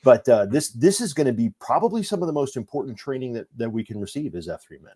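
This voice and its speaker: A man's voice: medium pitch, big pitch swings, fast, warm tone, breathy edge. A man who is a guest on a podcast and talks earnestly, mixing serious points with teasing jokes. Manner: earnest, many fillers and restarts, self-mocking jokes. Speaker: guest, organization leader. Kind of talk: casual podcast chat.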